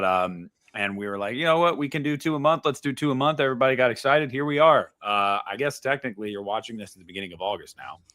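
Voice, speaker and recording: An upbeat man rambles through the opening of his podcast, laughing easily. His pitch is ordinary and the sound is dry, with no echo. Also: a bit bright. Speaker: podcast host. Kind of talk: casual chat.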